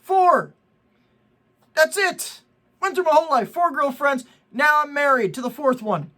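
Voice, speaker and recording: A man's voice: very high-pitched, lively intonation, measured pace, bright, forceful tone. A middle-aged man hosting a vlog, ranting with indignation about people lying for likes and preaching with jokey asides. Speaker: vlog host. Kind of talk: ranting social media commentary.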